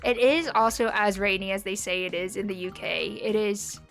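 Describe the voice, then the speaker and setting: A woman's voice: mid-range voice, moderate pace, a bit bright, soft background music. A young woman from the United States with a neutral American accent, chatting casually with viewers while she plays a game, rambling with lots of fillers. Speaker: streamer.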